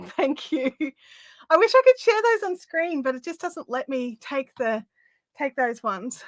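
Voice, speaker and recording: A woman's voice: high-pitched, expressive, unhurried, no echo. An Australian woman hosting a casual live craft chat, chatty and easily amused, a little out of breath. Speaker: craft livestream host.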